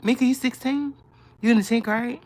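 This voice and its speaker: A woman in her thirties streams casually from her bed, playfully teasing viewers and laughing a lot while reading their comments. Her voice sits on the higher side, with a steady tone, a slightly quick pace, and a somewhat dark color.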